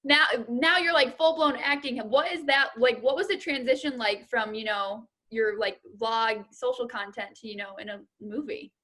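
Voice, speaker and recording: A woman's voice: fairly high pitch, a bit bright. A woman hosting a casual interview, asking questions and reacting encouragingly. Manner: friendly, encouraging, quick reactions. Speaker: interviewer host.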